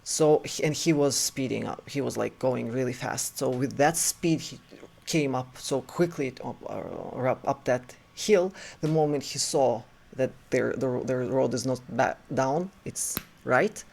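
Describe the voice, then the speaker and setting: Gravelly man telling a rambling story. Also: medium pitch, measured pace. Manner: rambling, many restarts and "like" fillers; animated retelling with acted quotes. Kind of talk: casual personal storytelling.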